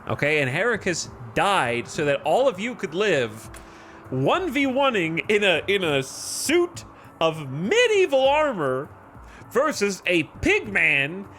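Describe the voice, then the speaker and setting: A man's voice: high-pitched, pushed and bright, slight background noise, voice pushed up, full character voice. A man voicing an impassioned, grandiose gang-boss-style figure with a put-on Birmingham accent, delivering a scolding eulogy.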